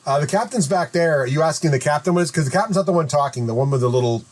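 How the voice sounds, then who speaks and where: A man's voice: fairly high pitch, very fast. A man running a tabletop game as dungeon master, talking casually with many hesitant fillers.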